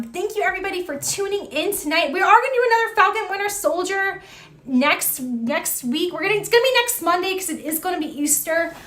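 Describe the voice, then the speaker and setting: Bright, high-voiced woman chatting on a livestream. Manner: chatty, giggly, reads out viewer comments. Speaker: livestream host. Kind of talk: casual chat with live viewers.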